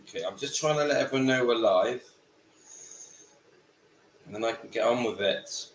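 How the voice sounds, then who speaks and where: A man with a croaky voice from a cold, hosting a casual livestream from home and greeting viewers by name. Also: medium pitch, moderate pace, slight background noise. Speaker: livestream host. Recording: echoey room with faint ambience.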